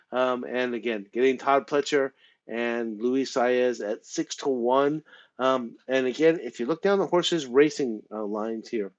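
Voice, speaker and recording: A man's voice: mid-range voice, muffled recording. A man hosting a horse racing handicapping show, rambling along with lots of repeated words and fillers. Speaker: show host.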